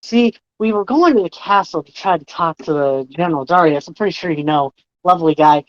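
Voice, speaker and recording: A woman's voice: on the low side, brisk, dry recording, natural voice. A woman voicing a cocky male adventurer who talks with a chummy, sarcastic swagger. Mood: smug, mocking. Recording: dull dry lo-fi mic.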